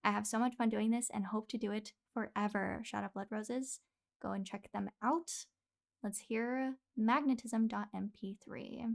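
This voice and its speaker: A woman's voice: medium pitch, steady tone, normal speed, creaky. A woman streamer commenting casually on listeners' music, effusive and gushing, laughing often into a desk mic.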